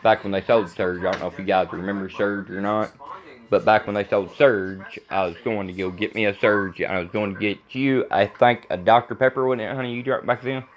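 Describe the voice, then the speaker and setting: A man's voice: fairly low pitch, fairly even intonation, a little fast. A man in his thirties, a vlogger talking to camera in a blunt, rambling way, repeating himself. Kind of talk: casual rambling monologue to camera.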